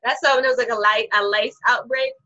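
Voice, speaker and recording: A young adult woman telling stories in a casual chat over a video call, animated, profane and quick to laugh. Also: on the high side. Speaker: conversation partner. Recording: muffled video-call audio.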